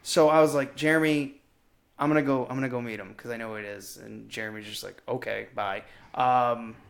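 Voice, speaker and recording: A man in his thirties co-hosting a movie podcast, telling stories in a casual, profane, animated way. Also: medium pitch, fairly quick, creaky. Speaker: podcast co-host.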